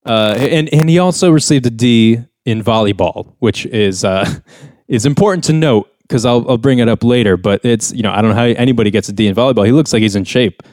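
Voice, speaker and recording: A man's voice: medium pitch, brisk, a little mellow, no room sound, studio quality. A young man co-hosting a casual podcast, recapping a sitcom episode in a rambling way and acting out the characters' lines. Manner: rambling storyteller, acts out characters' lines with raised voice. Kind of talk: casual chat.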